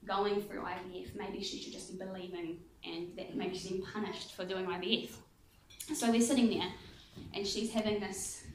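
A woman telling a humorous testimony in a sermon, in an animated storytelling way and laughing often. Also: medium pitch, normal speed, roomy sound, slight background noise, poor audio. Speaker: guest speaker.

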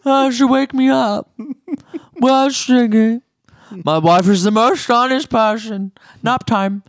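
A podcast host putting on a sleepy older husband in a mock high voice, doting and half awake. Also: slow pace, dry recording, clean studio sound.

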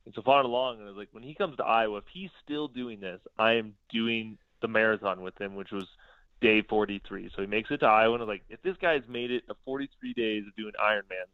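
A man's voice: fairly low pitch, fast, clean tone, no echo. A man, a podcast guest, telling a story casually and acting out the dialogue he quotes. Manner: lively, acts out quoted dialogue. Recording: dull lo-fi sound.

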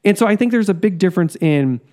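A man co-hosting a casual podcast chat, ranting in a profane, animated way. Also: sits high, quick pace. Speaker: podcast co-host.

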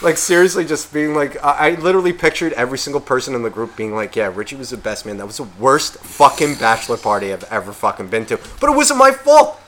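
A man co-hosting a podcast, telling a story in a casual, profane, animated way and acting out quotes. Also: medium pitch, fast, few pauses, a little hiss or hum. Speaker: podcast co-host.

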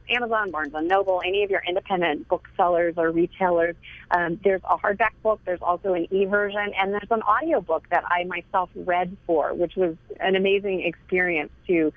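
A woman's voice: fairly low pitch, no echo. Earnest woman on a tinny phone line. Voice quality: frequent light laughter. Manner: earnest, heartfelt storytelling. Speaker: author and interview guest. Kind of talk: phone interview.

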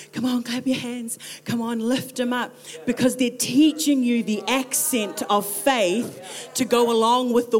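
Joking New Zealand woman preaching. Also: fairly high pitch. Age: 30s. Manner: lively and joking, with playful impressions. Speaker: pastor. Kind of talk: sermon.

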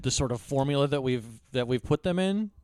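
A man's voice: mid-range voice, expressive, fairly quick, a little mellow, smooth, dry recording, clean studio sound. A man co-hosting a movie podcast, telling stories casually, laughing often and mocking himself. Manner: storytelling, laughs often, self-deprecating. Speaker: podcast co-host. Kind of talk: casual chat about movies.

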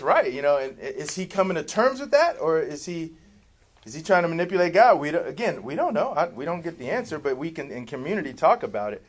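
Animated man leading a Bible study. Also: a little high, fairly quick. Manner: animated, joking, with sarcastic asides and frequent laughs. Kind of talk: group Bible study discussion.

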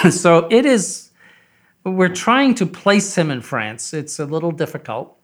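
A man's voice: fairly high pitch, sing-song, slow pace. An older man who heads a seminary, talking casually in an interview, rambling with many fillers and restarts.

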